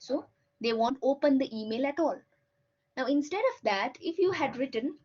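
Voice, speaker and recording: A woman's voice: high voice, moderate pace, a little mellow. A woman teacher giving a patient, explanatory lecture and often checking in with "right?". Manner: patient, ends points with "right?". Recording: dull lo-fi recording.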